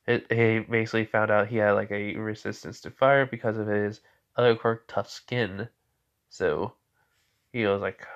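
A man's voice: fairly low pitch, flat delivery, normal speed, muffled recording. Rambling young man telling a story. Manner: rambling, full of "you know" and "as" fillers. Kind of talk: improvised fan-fiction narration.

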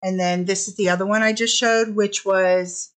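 A woman's voice: medium pitch, steady tone, normal speed. A woman chatting casually on a live stream in a matter-of-fact way.

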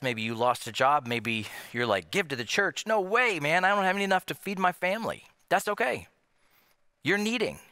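A pastor delivers a sermon in a bright, forward voice, lively and full of rhetorical questions. He slips into the voices of imagined people to make his point. The sound is close and dry, with no room around it. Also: medium pitch, dry recording. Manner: animated, with many rhetorical questions.

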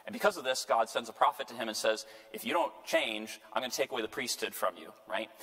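A man's voice: mid-range voice, very animated, fast talker, fairly bright tone. A man, a priest, teaching a Bible class in a conversational way, often asking the group questions and checking in with "right?". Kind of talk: parish lecture on scripture. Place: church hall. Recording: long hall reverb.

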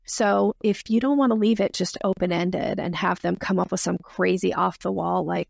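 A woman who is a sales expert, explaining techniques in a podcast interview with energetic role-played dialogue. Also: mid-range voice, moderate pace, creaky, no room sound, studio quality.

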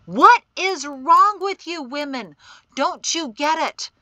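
A stern, protective man of middle years, exasperated and forceful, as a woman narrator plays him. The voice sits bright and tense, with a lively rise and fall, in a storybook reading. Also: mid-range voice, a little slow, no echo, pitched above the performer's own voice. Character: stern protective middle-aged male guide and uncle.

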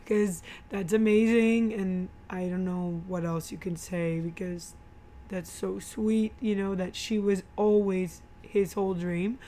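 A woman's voice: mid-range voice, steady tone, measured pace, warm tone, slight background noise. A woman casually retelling a movie scene by scene, gushing and emotional, with rambling restarts. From Georgia, USA. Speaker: movie commentary host. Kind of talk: casual movie recap chat.

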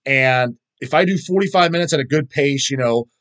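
A man's voice: mid-range voice, a little fast, fairly bright tone. A middle-aged man chatting casually as a vlog host, rambling and swearing constantly as he answers viewer questions.

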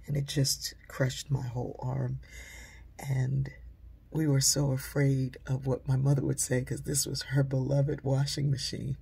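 Very husky, gravelly woman telling a story. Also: rumbling low, little pitch movement, a little slow. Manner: conversational, drops to a hush for quoted lines. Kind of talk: personal storytelling.

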